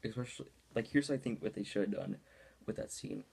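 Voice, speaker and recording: A man's voice: on the low side, lively intonation, fairly quick, creaky, darkish tone, a little hiss or hum. A young man giving a casual movie review in a rambling style, full of ums and likes.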